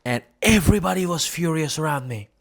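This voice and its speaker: A Hungarian man with a Hungarian accent mixed with British English, telling stories to camera in a lively, laughing way. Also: a little high, fairly quick. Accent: Hungarian, with British English traces. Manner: animated, laughing, mimics shouting in anecdotes. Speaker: entrepreneur speaking to camera. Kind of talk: casual storytelling talk to camera.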